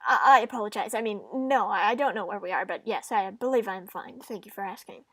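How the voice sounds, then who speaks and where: A woman's voice: medium pitch, fairly quick, fairly bright tone, no echo, distant mic, lightly acted. A woman voicing a confused, formal male astronaut who stammers and has lost his memory.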